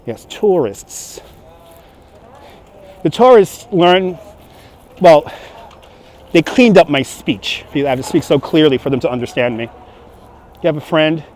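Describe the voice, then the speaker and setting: A man's voice: on the high side, expressive, takes it slowly, pauses often, a little mellow, slight background noise. Chatty New York man walking city streets. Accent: light New York. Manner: chatty, answers viewer comments on the go. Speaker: livestream walking tour guide. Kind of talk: casual live-stream chat while walking. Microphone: handheld phone on gimbal.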